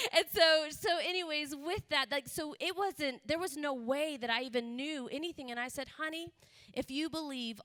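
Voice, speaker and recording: A woman missionary telling a story in a sermon, animated, often rising to loud, laughing emphasis. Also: on the high side, dry recording. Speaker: missionary guest speaker. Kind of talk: sermon testimony. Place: church sanctuary.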